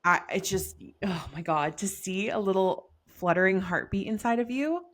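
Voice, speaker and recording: A woman's voice: medium pitch, animated, moderate pace, fairly bright tone. A young pregnant woman co-hosting a podcast, chatting casually with lots of "like" and frequent laughter. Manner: chatty, laughs often, many likes. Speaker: podcast co-host.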